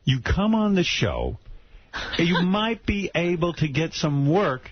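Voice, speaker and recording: A man's voice: high-pitched, expressive, slow. A man hosting a radio talk show, probing and needling his guest, and laughing easily. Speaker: radio host. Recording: dull lo-fi radio studio audio with noise.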